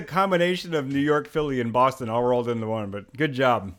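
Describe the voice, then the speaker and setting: A man hosting a podcast, telling animated stories in casual chat and laughing often. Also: medium pitch, fairly quick, hardly any pauses, smooth. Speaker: podcast host.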